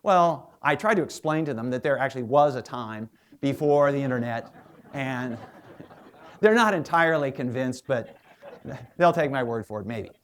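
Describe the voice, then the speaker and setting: A man's voice: medium pitch, lively intonation, normal speed. A man who is a historian and biographer, giving a public lecture as a chatty storyteller with plenty of asides.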